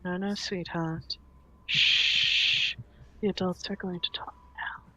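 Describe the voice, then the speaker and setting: A woman voicing an elegant, eerie young noblewoman who speaks in a soft, hushed, honeyed way in a tabletop game. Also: medium pitch, moderate pace, background noise, natural voice. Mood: sweetly menacing.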